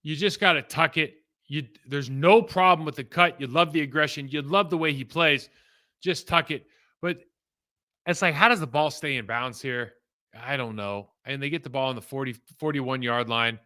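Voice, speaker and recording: A man's voice: on the high side, normal speed, sharp tone. A man casually breaking down football game film, talking in a rambling, conversational way that trails off and restarts.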